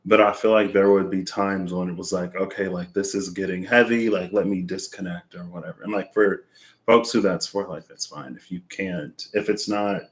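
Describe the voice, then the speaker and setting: A man's voice: deep voice, fairly even intonation, moderate pace. A man doing a tarot reading, thinking aloud in a rambling, searching way with lots of fillers. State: out of breath. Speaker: tarot reader. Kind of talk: reflective casual monologue.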